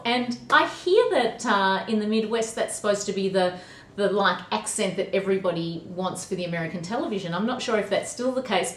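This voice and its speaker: A woman's voice: medium pitch, echoey room, slight background noise. An Australian woman talking chattily to a class of kids, upbeat and teacherly. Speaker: vlogger answering kids' questions. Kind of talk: casual video message to a class.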